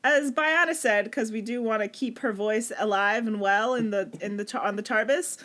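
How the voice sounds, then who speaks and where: A woman's voice: a little high, normal speed, a bit bright. A woman co-hosting a casual podcast recap, chatty with slang and frequent laughter. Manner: laughs often, uses slang. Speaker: podcast co-host.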